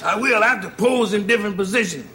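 A man's voice: high voice, fast talker, a loud crowd, natural voice. An older actor playing a scheming, wisecracking junk-dealer father in a sitcom, teasing and mock-dignified. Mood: mock alarm. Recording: old TV audio with loud hiss and studio laughs.

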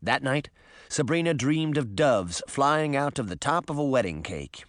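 Male narrator for a storybook, lively and expressive, dry close sound. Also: medium pitch, unhurried, no echo. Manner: expressive, varied delivery. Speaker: audiobook narrator.

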